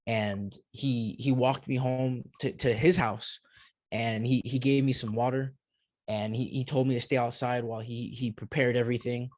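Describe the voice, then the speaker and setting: A man speaks as a podcast guest recounting his own story, starting and restarting phrases and repeating words before he finds the next thought. His voice sits at an ordinary middle pitch, and the sound is close and dry, with no room around it. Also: steady tone, dry recording. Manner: halting, repeats words while searching for them. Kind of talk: personal storytelling.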